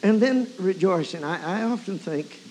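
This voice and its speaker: Fervent high-voiced preacher in echoing hall. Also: male voice, expressive, moderate pace, a little mellow, slight background noise. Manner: emotional, exclaiming praise often. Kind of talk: sermon. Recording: long hall reverb.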